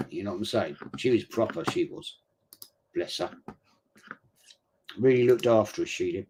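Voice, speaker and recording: Chatty middle-aged bloke. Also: male voice, fairly low pitch, moderate pace, pauses often, darkish tone, a little hiss or hum. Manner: chatty rambling storyteller, blokey slang. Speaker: watch-along streamer. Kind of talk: casual live chat during a football match.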